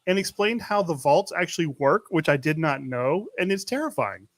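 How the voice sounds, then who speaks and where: Podcast host from Louisiana, slightly high voice, rambling storyteller, very dry close mic. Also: male voice, animated, normal speed, no echo. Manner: rambling storyteller, laughs often. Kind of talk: casual chat.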